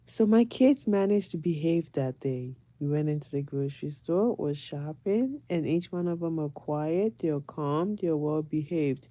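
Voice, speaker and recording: Mom vlogger, low warm voice, dry close sound, animated and laughing. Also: female voice, a little slow, few pauses, no room sound. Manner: animated, laughing, dramatic retelling. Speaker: mother of four, vlogger. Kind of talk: casual storytelling vlog.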